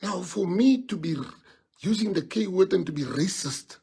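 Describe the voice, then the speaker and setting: Husky man, emphatic. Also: high voice, animated, normal speed, warm tone. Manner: emphatic, repeated rhetorical questions. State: emotional. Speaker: politician. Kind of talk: public statement.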